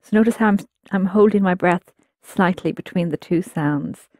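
A woman's voice: on the low side, normal speed, darkish tone, no echo, studio quality. Patient woman teaching a language class. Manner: patient, explanatory, prompts students. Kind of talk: guided language lesson.

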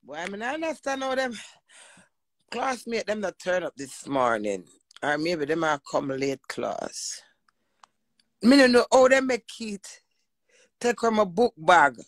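A woman's voice: medium pitch, very animated, a little slow, long pauses, dry recording. A woman hosting a live chat, talking emotionally and praying in an emphatic, preacherly way. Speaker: livestream host.

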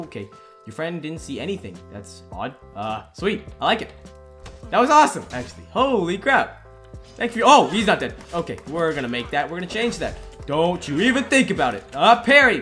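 Excitable young gaming commentator man. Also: on the high side. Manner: excitable, exclaiming and joking at the game. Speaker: gaming YouTuber. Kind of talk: let's-play commentary.

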